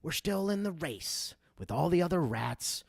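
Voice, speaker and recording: A man hosting a livestream podcast, ranting in a heated, profane way that sounds like yelling. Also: on the high side, big pitch swings, measured pace, vocal fry, breathy edge, no echo, clean studio sound. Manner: profane, emphatic. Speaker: podcast host. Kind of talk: livestream rant.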